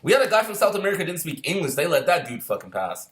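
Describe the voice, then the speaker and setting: A man telling a casual anecdote about boot camp, profane and laughing often, who acts out yelling drill instructors. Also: fairly high pitch, sing-song, fast. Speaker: storyteller recalling boot camp.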